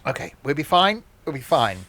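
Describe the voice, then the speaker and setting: A man's voice: fairly high pitch, a little fast. A man live-streaming a train simulator, joking and laughing as he chats with viewers. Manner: jokey, chatty, laughs often, answers chat. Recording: steady noise under the voice.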